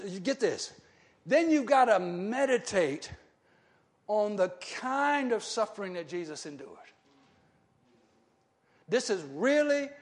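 A man preaches a sermon, often putting short questions to the congregation and swinging between loud shouting and quiet, low talk.

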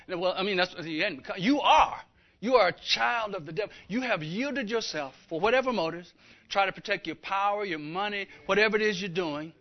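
A man preaching a sermon emphatically, building to fervent, loud passages. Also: sits high. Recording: dull lo-fi recording.

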